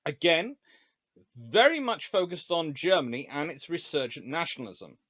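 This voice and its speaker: Animated, joking male history lecturer. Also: fairly high pitch, moderate pace, no room sound. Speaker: history lecturer and channel host. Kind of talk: live-streamed history lecture.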